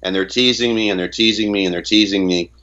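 A man's voice: on the low side, steady tone, quick pace, sharp tone, dull audio. A man from Canada giving an interview in a casual way, often stumbling and repeating words as he retells conversations. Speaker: interview guest.

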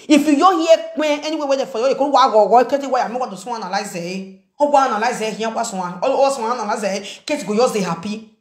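A woman's voice: a little high, brisk, darkish tone. A woman with a Nigerian Pidgin English accent, ranting and mocking someone in a confrontational commentary video. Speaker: social media commentator. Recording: echoey room.

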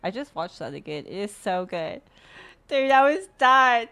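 Streaming from a home sim racing rig, this Mississippi woman talks easily with her viewers, laughing a lot and letting the odd curse slip. Her voice is on the high side and sing-song, unhurried, with a sharp tone, captured on a desktop USB microphone.

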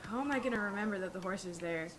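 A young woman streaming a video game, reacting excitably with squeals and shouts. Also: medium pitch, rapid-fire, background noise. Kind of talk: live game-stream commentary.

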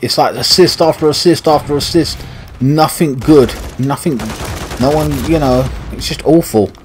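A man's voice: on the high side, moderate pace, background noise. A man with a British accent commentating his own gameplay, frustrated and swearing as he rants. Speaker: gaming channel host. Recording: game gunfire loud behind voice. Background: video game gunfire and explosions.

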